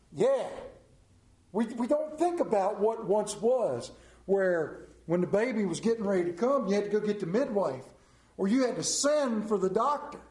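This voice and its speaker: Middle-aged male preacher, folksy storyteller, high voice, echoey hall sound. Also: mellow. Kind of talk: sermon with storytelling.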